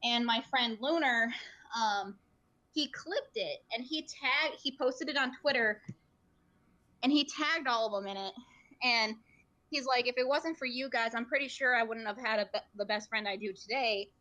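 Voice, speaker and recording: A woman's voice: on the high side, normal speed, bright, forceful tone. A woman chatting on a gaming podcast, earnest and emotional, rambling with plenty of fillers. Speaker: podcast guest, streamer. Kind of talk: casual podcast chat.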